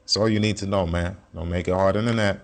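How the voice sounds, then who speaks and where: Here the investing teacher, self-taught, talks fast in a low, creaky voice with fairly flat intonation. He goes over his screen share loosely and bluntly, swearing plenty, using slang, and restating his points.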